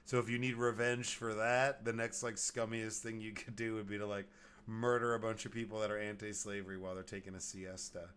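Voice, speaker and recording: A man's voice: fairly low pitch, a bit bright, smooth. Give me a man from Texas ranting on his podcast, cursing freely and slipping into mocking voices. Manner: profane, ranting, mocks people in put-on voices. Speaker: podcast host. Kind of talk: casual chat.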